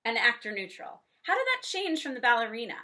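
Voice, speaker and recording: A woman teaching kids drama online in a fairly high, bright voice. She cues each exercise cheerfully and shows how a character's voice can go high, low or silly. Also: huge pitch swings, brisk. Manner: encouraging, cueing exercises with "ready, set, go". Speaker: children's theater teacher.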